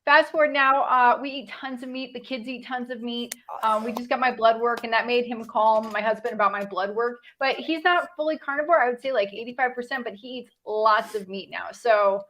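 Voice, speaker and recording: A woman's voice: fairly high pitch, steady tone, fairly quick, hardly any pauses, a bit bright, slight background noise. A woman viewer sharing a rambling comment in casual live-stream chat. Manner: chatty and a bit rambling.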